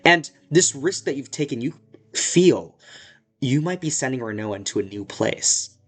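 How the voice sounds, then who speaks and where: A man's voice: medium pitch, expressive, moderate pace, slight background noise. A man running a tabletop game as game master, narrating scenes in a loose, rambling way with many fillers.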